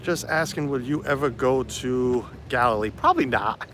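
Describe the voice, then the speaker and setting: A man's voice: medium pitch, normal speed, fairly bright tone, a little hiss or hum. A man, fighting a cold, chatting casually on a live stream outdoors and answering viewers' comments. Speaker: vlogger livestreaming. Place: outdoors on a hot town street.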